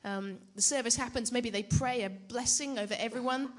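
A woman's voice: on the high side, moderate pace. A young woman preaching to a church gathering in a chatty, self-deprecating way, often asking the audience questions. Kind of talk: conference teaching talk.

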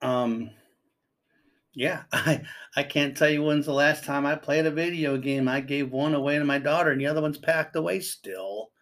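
A man's voice: fairly high pitch, fairly even intonation, normal speed, a bit bright. Earnest rambling grandfather giving advice. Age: older. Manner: rambling, reads news aloud and reacts. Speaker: commentator. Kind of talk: casual spoken commentary.

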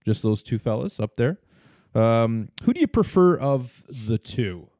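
Canadian man hosting a sports podcast, animated pitch, dry close sound. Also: a little slow, no echo. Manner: leads the segments, laughs often. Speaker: podcast host. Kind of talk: casual sports chat.

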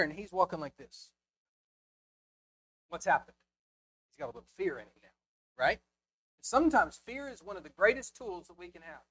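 Male preacher, impassioned sermon delivery: hushed one moment, loud the next, with rhetorical questions to the pews. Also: high-pitched. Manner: impassioned, swinging from hushed asides to loud emphasis. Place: church before a live congregation.

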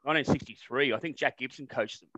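A man's voice: mid-range voice, quick pace, a bit bright, dry recording, muffled recording. A middle-aged Australian man co-hosting a satirical sports podcast, blokey and jokey, swearing freely and laughing often. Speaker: podcast co-host.

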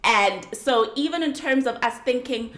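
A woman's voice: fairly high pitch, moderate pace, reverberant. Laughing South African woman hosting a podcast. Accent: South African, Johannesburg. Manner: lively, laughs often, teasing. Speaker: podcast host. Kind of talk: casual podcast chat.

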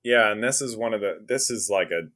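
Low-voiced man co-hosting a podcast. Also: fairly quick. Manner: relaxed, agreeable, short replies with laughs. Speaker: podcast co-host. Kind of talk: casual comic book review chat.

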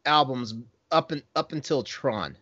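A man's voice: mid-range voice, expressive, measured pace, bright, forceful tone, no echo, muffled recording. A man chatting casually, hesitant and full of restarts, laughing easily. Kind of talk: casual podcast chat.

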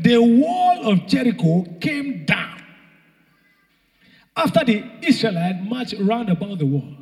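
A young man preaching a rousing sermon, shouting and half-singing phrases and calling out to the congregation. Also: high-pitched. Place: church hall. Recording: long hall reverb.

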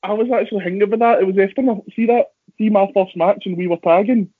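Give me a young Scottish man with a husky voice chatting loosely, recorded dry and lo-fi. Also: sits high, fairly even intonation, dry recording. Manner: rambling, self-deprecating, quick asides. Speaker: professional wrestler. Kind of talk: casual podcast chat. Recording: dry, phone-like lo-fi audio.

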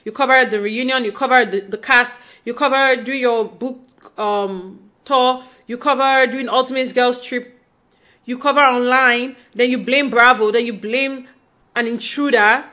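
A woman casually recapping a reality show reunion, animatedly acting out what others said. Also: fairly high pitch. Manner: animated retelling, acting out quotes. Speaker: reality TV commentator.

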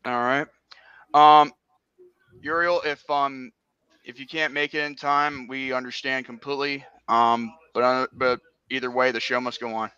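A man's voice: medium pitch, steady tone, normal speed, sharp tone, clear, resonant tone, dry recording, dull audio. A man co-hosting a podcast, talking casually with lots of hesitations and fillers. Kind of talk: casual chat.

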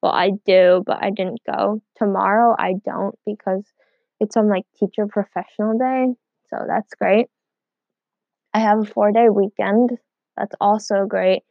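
A woman's voice: mid-range voice, fairly even intonation, unhurried, vocal fry, no room sound, muffled recording. A teenage girl hosting a casual solo podcast from home, rambling and filling every gap with "like". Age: teens. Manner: rambling, heavy use of "like". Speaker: podcast host.

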